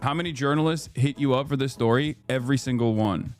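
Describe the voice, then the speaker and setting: A man in his thirties, a live streamer, telling stories in casual chat with an animated, profane, ranting manner. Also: medium pitch, fast talker, faint music behind. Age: 30s.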